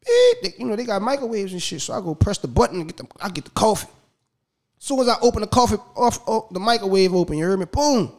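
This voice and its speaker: A man, pitched fairly high for a man, tells a story on a podcast in loose, animated talk. He slips into the voices of the people he describes and laughs often. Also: quick pace, few pauses. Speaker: podcast guest. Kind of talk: casual storytelling.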